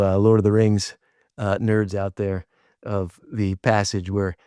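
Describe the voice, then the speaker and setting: A middle-aged man with a fairly low voice gives a reflective, faith-centered talk. He speaks conversationally, often stopping to restart or repeat a word. The sound is close and dry, with no room around it. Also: a little mellow, dry recording. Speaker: host.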